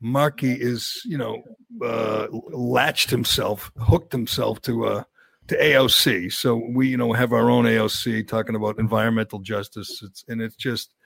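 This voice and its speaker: A middle-aged man with a gravelly voice grumbles through blunt, opinionated talk-show commentary. He sounds like a show regular. The sound is close and dry. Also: mid-range voice, fairly even intonation, normal speed, a bit bright, dry recording. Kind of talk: casual radio talk.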